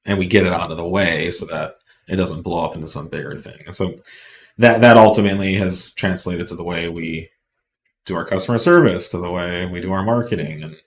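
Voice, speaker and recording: A man talks in a very deep voice during a casual live Q&A. He speaks bluntly and rambles, full of fillers and restarts. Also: brisk. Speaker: company representative hosting live Q&A.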